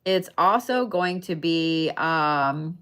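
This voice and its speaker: A young adult woman talks through a tarot reading in an easy, unhurried way, her voice sitting a little low. She is chatty and emphatic, often stopping to check that her listeners are with her. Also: lively intonation, a bit bright, smooth. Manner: chatty, emphatic, frequent "okay?" check-ins, swears casually. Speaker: tarot and zodiac reader. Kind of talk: casual live tarot reading.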